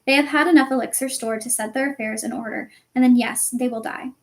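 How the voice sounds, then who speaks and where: A kindly old male headmaster who speaks calmly and with gentle, dry humour, as a woman reads him. The voice sits a little high, close to the reader's own, in this storybook reading. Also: fairly quick, natural voice.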